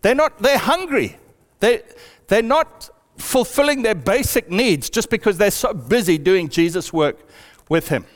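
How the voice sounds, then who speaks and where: A man preaching a sermon in a church hall, with animated storytelling. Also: high voice, a little slow. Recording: long hall reverb.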